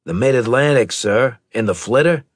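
A man's voice: mid-range voice, animated, normal speed, breathy edge, no echo, clean studio sound, pitched above the performer's own voice. A man voicing a weary, dutiful male sergeant who speaks tiredly and deferentially.

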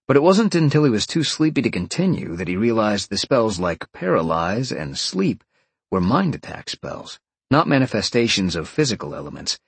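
A man with a lowish, husky voice narrates a fantasy novel as an audiobook, telling the story expressively from a script. The recording is dry.

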